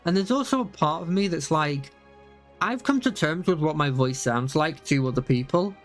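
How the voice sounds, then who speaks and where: Young man, streamer, casual rambling chat, fairly high voice, faint music behind. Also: animated, normal speed. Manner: rambling, repeats himself, many fillers and restarts.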